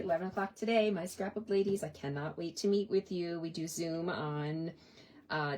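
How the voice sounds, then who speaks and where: A woman's voice: on the low side, slight background noise. A woman from Canada demonstrating a paper craft in a casual tutorial. She chats with viewers, talks to herself as she works and laughs often. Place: home craft desk.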